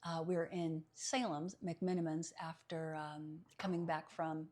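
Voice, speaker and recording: A woman who works as a psychic medium, telling a story in casual conversation as a podcast guest. She is animated, laughs often and acts out the voices she quotes. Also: low voice, unhurried.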